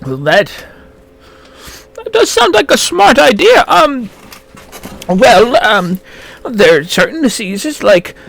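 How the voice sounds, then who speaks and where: A fussy old gnome apothecary who stammers through his greetings, as a man puts him on. His voice sits high and leaps about, nervous and eager to help. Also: sing-song, slow, creaky, pauses often, fairly bright tone, full character voice. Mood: helpful.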